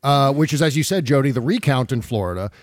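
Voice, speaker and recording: A man's voice: mid-range voice, expressive, fast, no echo, clean studio sound. A man co-hosting a podcast, chatting casually and animatedly about politics, sometimes mocking the people he quotes. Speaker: podcast co-host.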